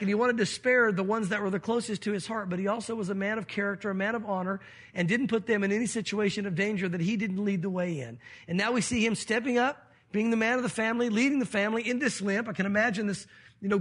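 Husky high-voiced male preacher. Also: a bit bright. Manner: preaching, acts out quoted voices. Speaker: pastor. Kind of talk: sermon.

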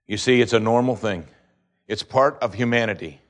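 A man preaching a sermon, reading scripture and shifting between loud pleading questions and low, hushed lines. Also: normal speed.

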